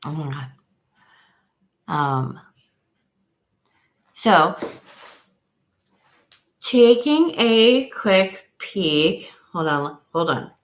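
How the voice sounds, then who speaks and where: A woman's voice: fairly low pitch, big pitch swings, very slow, long pauses. A middle-aged woman hosting a casual live stream from home, chatty and rambling, trailing off as she counts. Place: at home, camera on a table. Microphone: device camera on a table.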